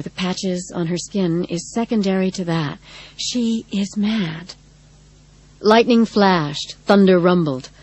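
A woman narrating a dark story in a measured, dramatic reading. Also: on the low side, low-quality recording. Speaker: audiobook narrator. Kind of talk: scripted narration.

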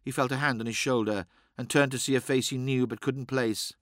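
A man reading a fantasy novel aloud in measured, dramatic audiobook narration. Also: medium pitch, fairly even intonation, a bit bright, no room sound, clean studio sound.

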